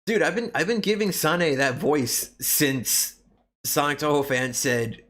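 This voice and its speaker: A man's voice: medium pitch, normal speed, fairly bright tone. A man streaming a video game, chatting casually and animatedly as he plays. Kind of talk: casual gameplay commentary. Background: faint game music.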